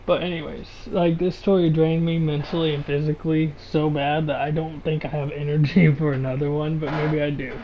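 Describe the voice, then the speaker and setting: A man's voice: a little high, level tone, normal speed, few pauses, mellow, a little hiss or hum, poor audio. A man reading a fan horror story aloud and breaking off with sarcastic, exasperated, profane commentary. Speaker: story reader and reviewer.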